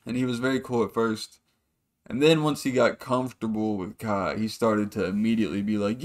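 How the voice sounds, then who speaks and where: A man's voice: on the low side, fairly even intonation, a little fast. A man hosting a podcast, rambling through a casual story, swearing freely and acting out the people in it. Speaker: podcast host.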